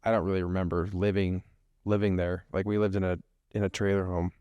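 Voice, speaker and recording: A young man who grew up in Wyoming, co-hosting a podcast in casual, laid-back chat with halting restarts. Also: deep voice, level tone, a little mellow, smooth, dry recording, muffled recording. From Wyoming, USA. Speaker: podcast co-host, football player.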